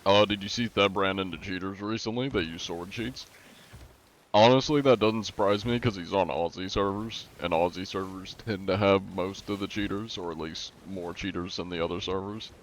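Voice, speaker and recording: A man's voice: low voice, fairly even intonation, moderate pace, a little hiss or hum. A man streaming live, chatting casually while gaming and answering his chat, rambling with many fillers and restarts.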